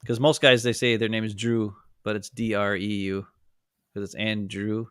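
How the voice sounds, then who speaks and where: A man's voice: on the low side, level tone, normal speed, a bit bright, clear, resonant tone, no echo, clean studio sound. A man from Wisconsin, co-hosting a casual sports podcast and rambling through stories in which he acts out the people he quotes. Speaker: podcast co-host. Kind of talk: casual chat.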